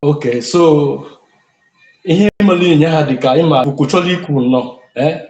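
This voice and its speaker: A man with a Nigerian accent calling in to a livestream, talking in a hesitant, halting way. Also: a little high, a little mellow, echoey room, highs cut off. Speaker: caller. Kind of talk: casual call-in talk.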